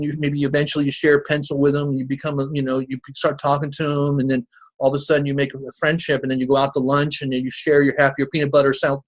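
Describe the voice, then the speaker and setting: A man from New Jersey with a Jersey accent, hosting a call in a folksy, rambling way full of restarts and asides. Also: mid-range voice. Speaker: host of a crypto marketing call. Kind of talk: casual rambling pitch.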